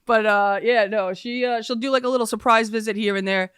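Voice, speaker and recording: Her voice is a little high, bright and steady, moving briskly, and the close studio mic leaves no room sound. She hosts a casual solo podcast, telling rambling stories packed with fillers and laughing often.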